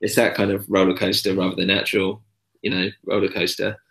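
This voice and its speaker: A man's voice: deep voice, little pitch movement, fairly quick, creaky, fairly bright tone. A young man chatting casually as a podcast co-host, hesitant and understated with many fillers. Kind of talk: casual chat.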